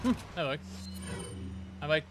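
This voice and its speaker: A man's voice: on the high side, lively intonation, unhurried, background noise. A man streaming a horror game, chatting casually with his viewers in a rambling way. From Detroit, Michigan. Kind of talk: casual gameplay commentary.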